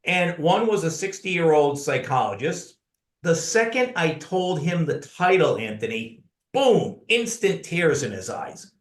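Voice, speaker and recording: A man's voice: fairly high pitch, sing-song, a little slow. Earnest storytelling man in an echoey room. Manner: earnest storyteller who addresses the host by name. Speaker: podcast guest, author. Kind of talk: conversational storytelling.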